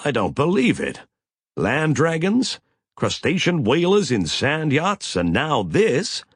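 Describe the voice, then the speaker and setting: A husky-voiced man voicing an excitable, imaginative male explorer in an audiobook. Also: a little high, takes it slowly, no echo, clean studio sound, pitched above the performer's own voice, heavily acted. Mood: incredulous. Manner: excited, incredulous.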